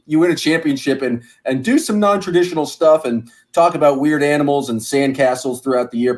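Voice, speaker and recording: A man's voice: fairly high pitch, fairly quick, hardly any pauses. A man hosting a casual sports podcast, chatty and upbeat, laughing easily. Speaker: podcast host.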